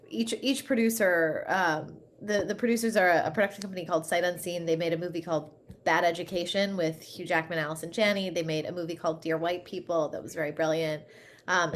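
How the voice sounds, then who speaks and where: A woman in her thirties, an author in an interview, talking animatedly with many fillers and restarts and laughing often. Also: fairly low pitch. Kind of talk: interview conversation.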